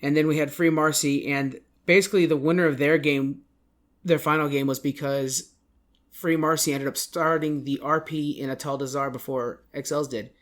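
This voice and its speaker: A man's voice: on the high side, steady tone, moderate pace. A man hosting a casual podcast, rambling through an esports recap and often correcting himself. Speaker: podcast host.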